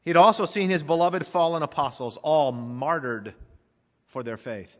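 A man preaching a sermon as pastor, emphatic, swelling loud then dropping to a hush. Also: a little high, unhurried, in a large hall.

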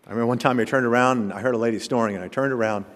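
A man, a pastor, preaching a sermon that swings from loud declarations to hushed asides. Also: mid-range voice, steady tone, very fast, big-room sound.

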